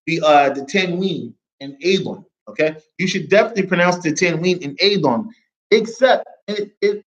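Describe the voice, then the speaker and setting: A man with an American accent teaching an Arabic lesson to a small class, lively and often checking that everyone follows. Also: sits high, highs cut off. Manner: lively, mixes English with Arabic reading, checks understanding often.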